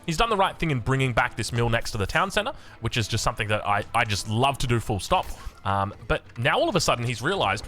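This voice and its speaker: An Australian man casting a strategy game, rambling excitably into anecdotes with lots of restarts. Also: medium pitch, fast. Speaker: game caster.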